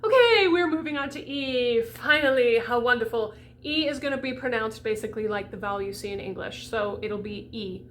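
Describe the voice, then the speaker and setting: A woman voice coach giving a chatty, animated diction lesson for singers, demonstrating each sound. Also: a little high, brisk, hardly any pauses.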